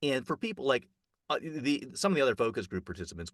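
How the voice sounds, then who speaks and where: A man reporting casually on a film festival, rambling with fillers and restarts and jumping up in pitch when excited. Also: quick pace, no room sound, studio quality.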